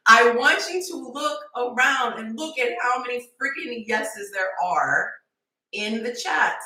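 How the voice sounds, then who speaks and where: Playful bright-voiced woman coaching live. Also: a little high, distant mic. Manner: playful, acts out scenarios in quick character voices and whispers. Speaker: dating coach hosting a live stream. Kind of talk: animated live-stream coaching talk. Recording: echoey room, voice heard from off the mic.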